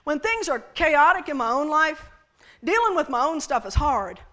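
A woman's voice: high-pitched, sing-song, moderate pace, fairly bright tone. A woman preaching a sermon to a congregation, playful and teasing as she talks to the people in the room. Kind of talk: sermon with props.

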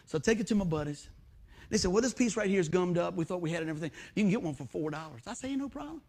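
Animated high-voiced preacher man. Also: very fast. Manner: animated storytelling with acted-out quotes. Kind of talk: storytelling sermon.

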